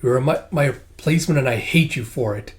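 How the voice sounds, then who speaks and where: A man reading a comic aloud, voicing a dying old noblewoman in a haughty, contemptuous tone in his own middle-pitched voice. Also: fairly quick, natural voice. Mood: scornful. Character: imperious dying old noblewoman, cold and scornful.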